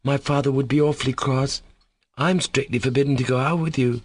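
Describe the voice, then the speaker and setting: A man's voice: medium pitch, fairly even intonation, fairly quick, dry recording, voice pushed up, natural voice. A man voicing a timid, anxious schoolboy who pleads nervously in an audiobook reading. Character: timid anxious schoolboy, fearful of his father.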